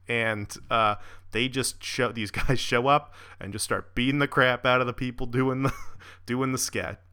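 Guy rambling thru a funny story, bright crisp voice, laughs a lot. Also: mid-range voice, little pitch movement, unhurried. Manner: laughing, rambling, with fillers and swearing. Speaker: podcast host. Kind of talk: casual storytelling.

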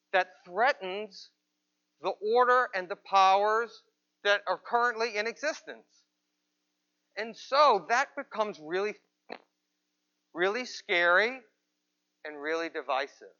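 Guy preaching, high voice, bright, kinda muffled sound. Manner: conversational preaching with rhetorical questions. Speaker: pastor. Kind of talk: sermon. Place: church, with people present and some watching remotely.

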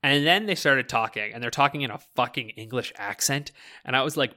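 Bright-voiced man chatting casually. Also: mid-range voice, brisk. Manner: rambling, fills with "like", swears freely, laughs often. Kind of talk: casual chat.

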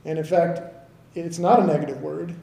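A man's voice: a little high, steady tone, normal speed, creaky, mellow, roomy sound, low-quality recording. A man in his thirties from the American South, preaching a conversational sermon and often checking in with the congregation. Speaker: pastor.

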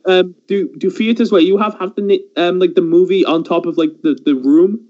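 A man from England telling a story in casual podcast chat, animated and swearing a lot. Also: high voice, normal speed. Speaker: podcast host. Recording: dull lo-fi sound.

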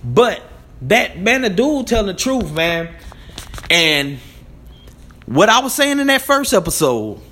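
A man's voice: high-pitched, very animated, slow, long pauses, sharp tone. A man hosts his own commentary channel. His talk is loose and conversational. He laughs often and keeps checking in with "you know what I'm saying". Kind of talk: casual spoken commentary.

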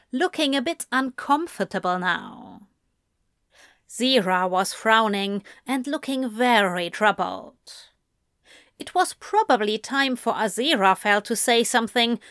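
A woman reading a story aloud at an unhurried pace, her voice bright with a lively, rising and falling melody. The recording is close and dry, with no room echo. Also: medium pitch. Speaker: audiobook narrator. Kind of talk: storybook narration.

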